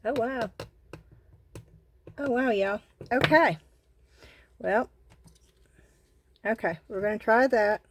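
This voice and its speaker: Southern lady doing a craft vlog on her phone, talks slow, says y'all, gets all gushy. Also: fairly high pitch, a little hiss or hum. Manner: excited exclamations, says y'all a lot. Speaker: craft channel host. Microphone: phone camera.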